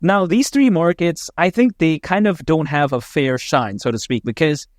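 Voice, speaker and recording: A man's voice: on the high side, normal speed, no echo, clean studio sound. A man hosting a casual, opinionated crypto commentary video, enthusiastic and chatty with lots of fillers. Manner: enthusiastic, conversational, many fillers.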